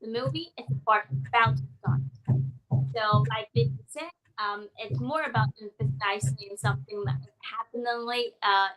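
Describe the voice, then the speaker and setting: A woman's voice: on the high side, normal speed, fairly bright tone, soft background music, low-quality recording. A woman co-hosting a Chinese grammar lesson, explaining examples in an upbeat, encouraging way. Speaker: Chinese teacher.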